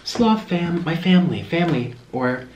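A man's voice: on the high side, lively intonation, moderate pace, darkish tone, highs cut off, slight background noise. A young man hosting an eating show, chatting casually and rambling between bites at home. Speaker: mukbang host. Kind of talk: casual chat while eating on camera. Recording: roomy echo.

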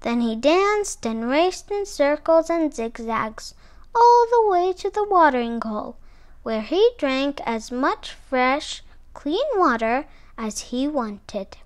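A woman reading a children's picture book aloud in an expressive, sing-song way. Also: high-pitched, slow pace. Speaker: storyteller.

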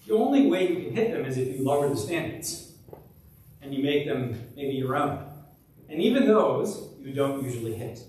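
A man's voice: mid-range voice, very animated, normal speed, a little mellow, distant mic. A man preaching a conversational sermon as pastor, often restarting and repeating words. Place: church sanctuary. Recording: very echoey church live stream from afar.

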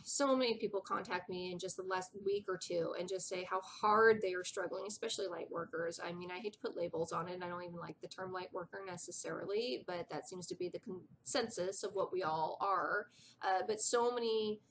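A woman's voice: fairly low pitch, a little fast, a bit bright, a little hiss or hum. A middle-aged woman vlogging in a rambling, chatty way who drops to a whisper for asides. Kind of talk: casual chat.

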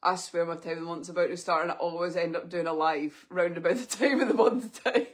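A woman in her thirties, teary and soft-spoken as she chats through opening parcels live. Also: on the low side, fairly quick. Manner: tearful, soft-spoken, sniffly. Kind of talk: emotional live unboxing chat.

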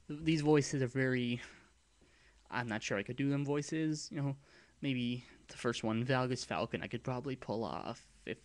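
A man with a deep voice talking in a casual vlog, rambling and hesitant, with frequent ums and restarts as he explains his project plans. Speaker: vlogger and abridged-series creator.

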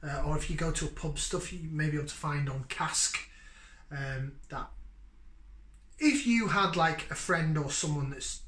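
Male vlog host, fairly high voice, chatty and rambling, echoey room. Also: moderate pace, fairly bright tone. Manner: chatty and rambling with many fillers. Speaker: beer review host. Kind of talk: casual beer review chat.

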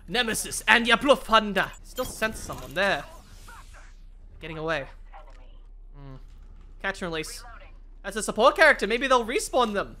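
A woman giving excitable gameplay commentary, swearing often and boasting playfully at her enemies. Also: medium pitch, moderate pace, long pauses, slight background noise. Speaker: gaming video creator.

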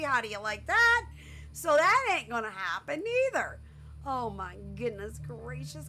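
A woman casually commenting on her own gameplay, excitable and full of exclamations, often laughing. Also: fairly high pitch, a little slow. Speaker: gameplay streamer. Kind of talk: casual let's-play commentary.

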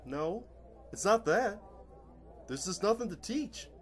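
A laid-back male chicken puppet, voiced by a man, drawls along in a husky, easygoing voice, tossing in "man" at every turn. His pitch moves around a lot while he stays relaxed and blunt. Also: slow pace. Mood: soothing. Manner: drawling, says "man" constantly. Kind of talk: puppet comedy sketch.

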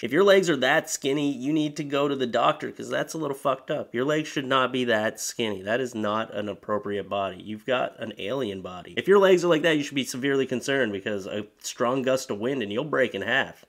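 A man's voice: mid-range voice, fairly quick, hardly any pauses, a bit bright. A man hosting comedic commentary, reading posts aloud with crude, mocking sarcasm and exaggerated voices. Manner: sarcastic, crude, mocking, laughs at his own jokes. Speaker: commentary host.

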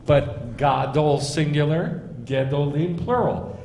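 Rabbi teaching in an echoey hall. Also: male voice, on the high side, animated, a little slow. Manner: explains step by step, asks the audience questions. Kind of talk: teaching sermon. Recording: echoey hall, faint noise.

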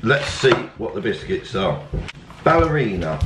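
A man's voice: lowish voice, animated, moderate pace. Chatty man, echoey room. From England. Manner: chatty, upbeat, talks to viewers. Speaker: family vlogger. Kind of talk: casual snack-review vlog. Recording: echoey room, faint background noise.

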